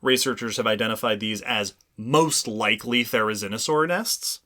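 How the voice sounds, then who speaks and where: Guy cohosting a chatty science podcast, bright voice, keeps restarting his sentences. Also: lowish voice, normal speed. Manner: explanatory, frequent restarts. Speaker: podcast co-host. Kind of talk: casual chat.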